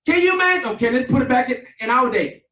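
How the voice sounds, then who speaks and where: A high-pitched pastor delivers an emphatic call-and-response sermon in an echoey church. The mic sits at a distance, so his voice sounds roomy and far off, swinging between loud and soft. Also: animated, fast talker. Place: church sanctuary.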